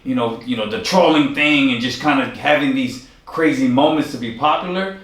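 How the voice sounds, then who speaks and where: A man's voice: mid-range voice, moderate pace, a bit bright, roomy sound, recorded from a distance. A man hosting an interview, asking long rambling questions and summing up his guest's points. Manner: rambling, wraps up with summaries. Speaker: interview host.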